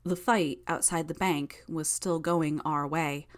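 A woman narrating a novel in the first person, steady and even. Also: low voice, slow. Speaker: audiobook narrator.

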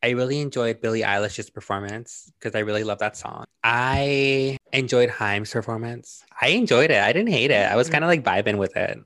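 Relaxed young man rambling on a podcast. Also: mid-range voice, moderate pace, hardly any pauses, no echo. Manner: relaxed, rambling with filler words. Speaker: podcast co-host. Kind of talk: casual chat.

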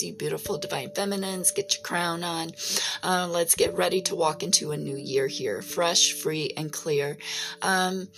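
A woman giving a casual spiritual card reading, often tagging her lines with "right?" and swearing freely. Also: fairly low pitch. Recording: music playing behind.

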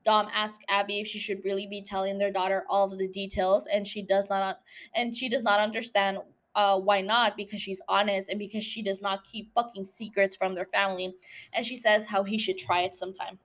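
A woman's voice: mid-range voice, little pitch movement, brisk, fairly bright tone. A woman host recapping a TV episode for her podcast. She talks in a loose, chatty way, swears freely and laughs often.

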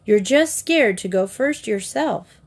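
A woman's voice: a little high, lively intonation, takes it slowly, gravelly, heavily acted. A woman voicing a headstrong young girl in a storybook reading, with an eager, girlish delivery. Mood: defiant.

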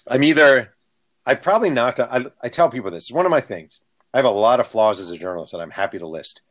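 A man of medium pitch who talks fast, this book author tells anecdotes in casual conversation as a guest. His storytelling is animated, and he acts out the people he quotes.

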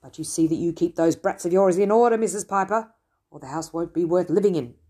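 A cross, scheming landlord, as a woman reading aloud puts him on, loud and clipped with a mellow, husky tone. He snaps anxiously at every new tenant in a storybook tale. The voice sits fairly low. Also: a little fast. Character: grumpy greedy male landlord.

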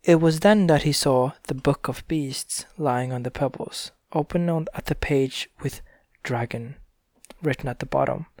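Male reader for a bedtime story, gentle and unhurried, slightly high voice, dry close sound. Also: no echo.

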